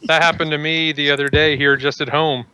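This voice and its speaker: A man's voice: on the high side, little pitch movement, fairly quick, sharp tone, smooth, poor audio. A man chatting on a casual podcast, easygoing and laughing often.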